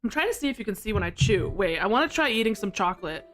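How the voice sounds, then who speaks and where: A woman's voice: medium pitch, sing-song, quick pace, fairly bright tone, faint music behind. A woman streamer chatting with her viewers live, bubbly and giggly, laughing often.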